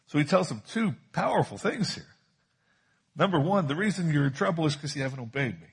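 Husky-voiced man preaching a sermon. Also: on the high side, very animated, moderate pace, pauses often. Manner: emphatic, repeats key phrases for stress. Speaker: pastor.

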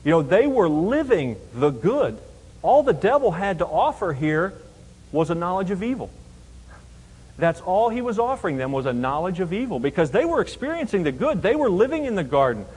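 A man's voice: high voice, very animated, normal speed, a little mellow, breathy edge, big-room sound, rough recording. A man teaching a Bible passage verse by verse, emphatic and explanatory, often asking rhetorical questions.

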